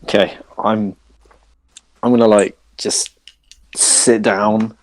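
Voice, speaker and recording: A man playing a tabletop game, talking in a weary, deadpan, halting way. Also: on the low side, dry recording. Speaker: player. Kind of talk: casual tabletop game chat.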